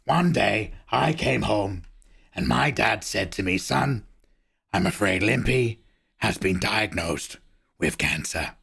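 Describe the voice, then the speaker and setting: A man imitating an intense older film star who broods and then erupts into shouts. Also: fairly low pitch, animated, slow pace, vocal fry, slightly rough, pitched below the performer's own voice, heavily acted. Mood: brooding.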